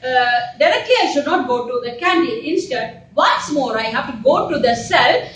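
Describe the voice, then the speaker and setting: Woman teacher walking a class through a story, often asking if they understood; high voice, heard from across a roomy space. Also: expressive, normal speed, a bit bright. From India. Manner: repetitive, checks understanding. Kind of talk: explaining a story lesson. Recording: roomy sound from a distant mic.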